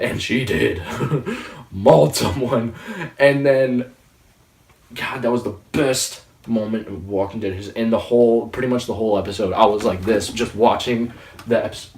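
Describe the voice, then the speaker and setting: A man in his late teens giving a casual, excitable, rambling review of a TV episode. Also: medium pitch, moderate pace. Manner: excitable, rambling, with frequent restarts. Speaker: movie reviewer. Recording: roomy sound, distant from the mic.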